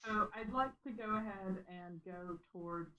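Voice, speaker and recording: A woman's voice: medium pitch, normal speed, bright, forceful tone. A woman playing a tabletop game, organizing the group with hesitant fillers. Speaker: player. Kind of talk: casual game chat. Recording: dull lo-fi mic.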